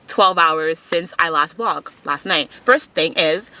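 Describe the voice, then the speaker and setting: A young woman talks straight to her viewers in an easygoing vlog. Her voice sits fairly low but sounds bright and forward. She tells stories in a lively, chatty way. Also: takes it slowly. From Montreal, Canada. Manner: chatty, animated storyteller, laughs often. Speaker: fitness vlogger. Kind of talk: casual vlog chat to camera.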